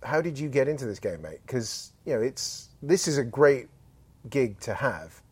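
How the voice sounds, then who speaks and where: A man with an English accent hosting a casual podcast, chatty and quick to laugh at himself. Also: mid-range voice, sing-song, darkish tone, breathy edge. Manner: chatty, self-mocking, laughs easily. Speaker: podcast host.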